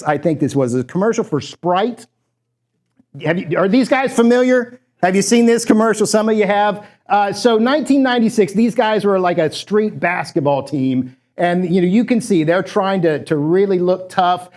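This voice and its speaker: A man's voice: fairly high pitch, a little mellow. A male pastor preaching a sermon in a conversational way, acting out quoted voices as he tells a story.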